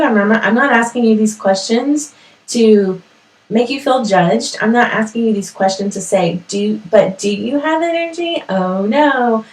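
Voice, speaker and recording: A woman hosts a casual motivational talk from home, chatty and quick to laugh at herself. Her voice sits at an ordinary middle pitch. The room rings noticeably, and she sounds set back from the microphone. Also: echoey room, recorded from a distance, low-quality recording. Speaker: host of a parenting talk show.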